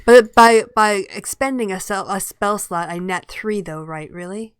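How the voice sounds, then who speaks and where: A woman's voice: medium pitch, a little slow, clear, resonant tone, no echo, studio quality. A woman playing a tabletop game over an online call, unsure and checking her numbers aloud. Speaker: player. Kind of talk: casual game chat.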